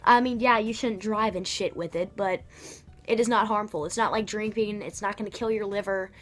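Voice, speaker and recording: A woman's voice: mid-range voice, normal speed, soft background music. A young woman vlogger telling a story in a chatty, slangy way with lots of fillers. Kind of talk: casual storytelling.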